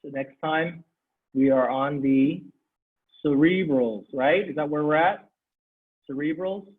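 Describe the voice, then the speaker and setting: Man, teacher, fairly high voice, husky, tinny video-call sound. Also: slow. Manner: animated, repeats phrases, laughs often. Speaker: Sanskrit teacher. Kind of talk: online class teaching.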